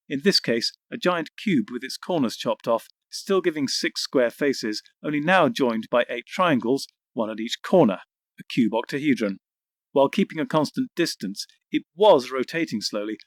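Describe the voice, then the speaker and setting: A man reading an audiobook in measured scripted narration. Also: medium pitch, no echo. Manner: measured, voices each character.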